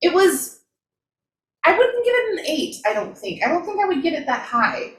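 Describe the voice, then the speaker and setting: An excitable woman with a high, bouncy voice gushes over a romance novel, breaking into laughter often. Her pitch climbs and dips freely, and the room around her echoes. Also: normal speed. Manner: excitable, gushing, laughs a lot. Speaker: book review co-host. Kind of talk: casual chat.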